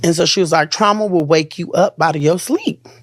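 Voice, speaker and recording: An interview guest recounting a painful experience in an earnest, halting way, with sentences that trail off and start again. The voice sits mid-pitch, and the recording is dry and close with no room sound. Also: no room sound. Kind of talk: emotional personal account in an interview.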